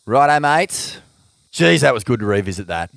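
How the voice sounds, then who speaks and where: A man's voice: medium pitch, big pitch swings, normal speed, creaky, fairly bright tone, no room sound. An Australian man hosting a podcast, reading listener questions in an upbeat, sweary, casual way. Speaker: podcast host. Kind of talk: casual chat.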